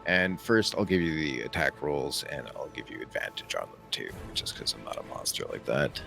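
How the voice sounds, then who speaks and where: A man's voice: a bass voice, sing-song, moderate pace, gravelly, sharp tone, faint music behind. A man running a tabletop game as game master, narrating combat vividly.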